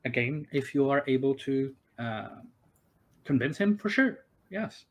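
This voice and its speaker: A man runs a tabletop game at an ordinary middle pitch. He talks haltingly, full of fillers and restarts, answering the players as the characters they meet. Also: lively intonation. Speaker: game master.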